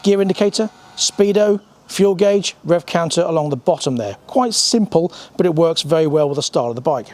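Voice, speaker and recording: A British man presenting a motorcycle review in a chatty, scripted walkthrough. His voice sits a touch high for a man, and he slips in dry asides and the odd um. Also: lively intonation, a little fast, hardly any pauses, a little mellow. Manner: dry humour, chatty with filler ums. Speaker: motorcycle reviewer and channel host.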